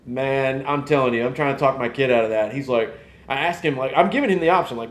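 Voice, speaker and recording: A man, hosting a casual live podcast and rambling in an animated way. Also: medium pitch, fast, roomy sound. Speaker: podcast host. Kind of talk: casual live-stream chat.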